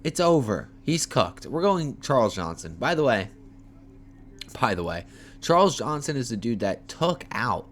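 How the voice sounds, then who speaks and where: A man hosting a homemade fight-picks preview, talking in a lively, profane, joking way while tired and yawning late at night. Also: medium pitch, unhurried. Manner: animated, profane, playful trash talk. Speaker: MMA fight picks host. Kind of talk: casual fight preview talk. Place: homemade setup.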